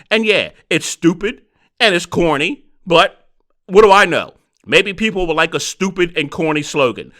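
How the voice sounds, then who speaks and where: A man hosting a solo podcast, talking in an animated, rhetorical way. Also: high-pitched. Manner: animated, rhetorical, mocking quoted voices. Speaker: podcast host.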